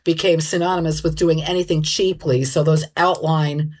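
A woman co-hosting a casual chat, playful and quick to laugh, reading listener emails. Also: low voice, steady tone, darkish tone. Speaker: podcast co-host.

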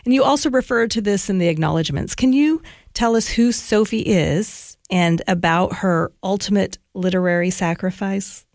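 A woman interviewer asking measured questions about a novel. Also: medium pitch, a little mellow, no room sound, clean studio sound.

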